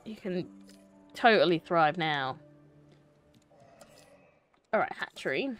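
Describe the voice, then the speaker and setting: Woman streamer, slow lively commentary. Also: lowish voice, faint music behind. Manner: chatty, talks to herself and to game characters. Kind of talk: casual gameplay commentary.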